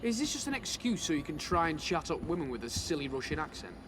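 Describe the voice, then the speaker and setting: A man's voice: a little high, very animated, fast talker. An actor playing a sceptical young man who grumbles as he is talked into going out drinking. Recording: game audio with clear background noise.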